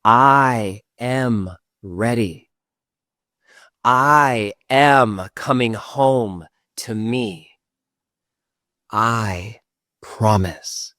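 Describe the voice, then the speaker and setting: Man in slow whispered role-play. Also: medium pitch, no room sound, clean studio sound. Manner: soft unvoiced whisper, slow repetitions.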